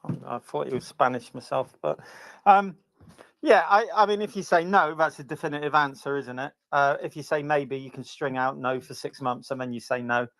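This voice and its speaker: A man's voice: moderate pace, fairly bright tone, dry recording. A man speaking on an online panel discussion, blunt and sarcastic, his voice leaping up sharply when he stresses a point. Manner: blunt, sarcastic, swings into high emphatic bursts.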